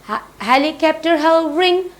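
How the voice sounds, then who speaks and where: A woman's voice: high voice, expressive. A woman teaching children a phonics lesson, asking questions and answering them herself, with much repetition. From Pakistan. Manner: slow, repetitive, asks and answers own questions.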